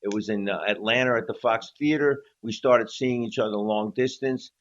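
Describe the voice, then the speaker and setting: A man's voice: mid-range voice, moderate pace. A man in his sixties, a drummer telling stories as an interview guest and acting out quotes as he goes. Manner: animated storyteller acting out quotes. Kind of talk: storytelling interview. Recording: slightly dull lo-fi audio.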